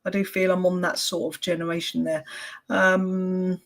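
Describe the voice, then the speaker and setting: A woman's voice: lowish voice, level tone, normal speed. Hesitant woman describing a spirit. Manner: tentative, hesitant, many ums and restarts. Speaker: medium. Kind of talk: giving an online mediumship reading.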